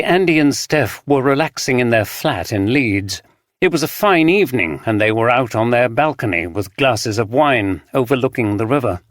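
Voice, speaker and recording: A man narrating a mystery audiobook in a measured, even reading. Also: medium pitch, no echo, studio quality. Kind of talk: scripted narration.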